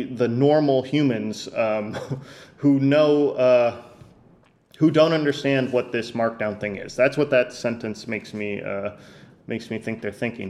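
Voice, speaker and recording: A man's voice: mid-range voice, a little mellow. A man hosting a podcast, picking apart a text with disbelief, stumbling over restarts and fillers as he goes. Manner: hesitant, many restarts and fillers, incredulous. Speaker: podcast host. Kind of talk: casual podcast rant.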